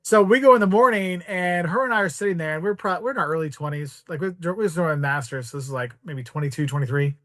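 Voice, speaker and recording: High-voiced man telling animated travel stories. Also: fast, hardly any pauses, no echo, studio quality. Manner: rambling, animated, acts out voices in quotes. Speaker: podcast guest, travel video creator. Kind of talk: casual storytelling.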